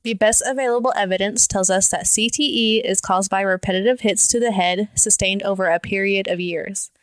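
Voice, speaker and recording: A woman co-hosting a podcast, reading out facts in a plain, even way. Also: medium pitch, fairly quick, dry recording. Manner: laughs often, then reads facts plainly. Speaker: podcast co-host. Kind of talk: casual chat and reading notes.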